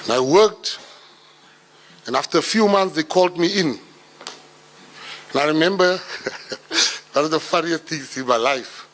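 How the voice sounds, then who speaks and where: A middle-aged South African man telling his life story to an audience with an animated, comic delivery. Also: fairly high pitch, moderate pace, pauses often. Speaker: public speaker. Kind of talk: storytelling talk.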